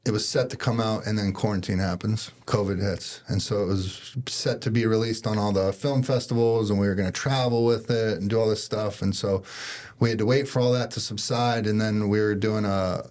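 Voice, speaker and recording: A man's voice: on the low side, steady tone, brisk, a little mellow. A man, a podcast guest, telling a personal story in casual conversation and acting out his own thoughts.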